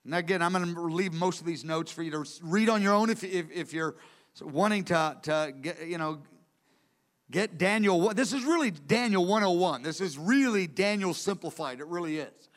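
A man's voice: sits high, normal speed. A man preaching a teaching sermon from Bible study notes, earnest and emphatic, repeating key words for stress.

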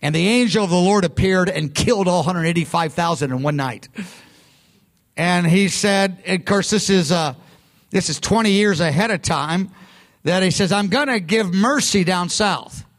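Here a man preaches in a high-pitched, slightly bright voice at a moderate pace. His sermon teaching is conversational yet emphatic, marked by repeated self-interruptions and restarted sentences.

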